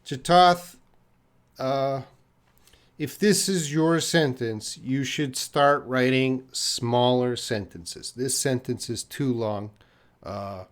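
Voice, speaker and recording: A man from Canada teaching English on a live stream, answering viewers' chat questions patiently and slowly with many pauses. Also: mid-range voice. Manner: slow, patient, repeats student names and pauses with uh; drinks tea while talking to the camera.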